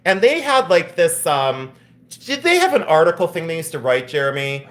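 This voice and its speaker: A man hosting a live sale stream, telling stories in a blunt, animated way with mild swearing. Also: fairly high pitch, moderate pace. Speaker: live auction seller. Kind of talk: casual live-stream chat.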